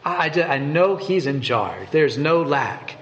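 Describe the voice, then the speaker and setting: A man's voice: a little high, very animated, measured pace, a bit bright, highs cut off, a little hiss or hum. A man giving a devotional meditation and reading scripture aloud in an earnest way, often repeating and restarting words. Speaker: preacher.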